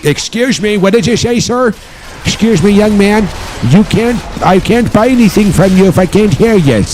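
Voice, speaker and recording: A man's voice: high voice, expressive, moderate pace, a little mellow, slight background noise, voice pushed up. A man voicing a cranky, hard-of-hearing old man who keeps asking people to repeat themselves. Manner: cranky, feigning deafness.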